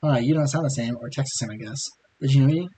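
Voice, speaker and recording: A hoarse man reading a tired, anxious young woman's lines, blunt and swearing. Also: medium pitch, quick pace, dark tone, close to an everyday voice, low-quality recording.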